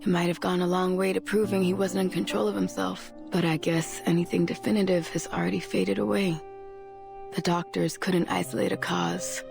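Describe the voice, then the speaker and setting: A woman's voice: fairly low pitch, level tone, normal speed, vocal fry, over music. An actress playing a weary, blunt female investigator in a video game, matter-of-fact and dry.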